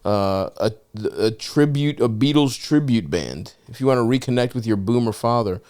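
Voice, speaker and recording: A man hosting a podcast, reading an ad and chatting casually, profane and animated. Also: mid-range voice, moderate pace, clear, resonant tone. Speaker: podcast host. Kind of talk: casual chat and ad read.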